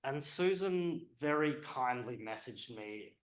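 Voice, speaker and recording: A man's voice: medium pitch, lively intonation, takes it slowly, roomy sound, low-quality recording. A man speaking at a public event as a historian, conversational and hesitant with frequent ums.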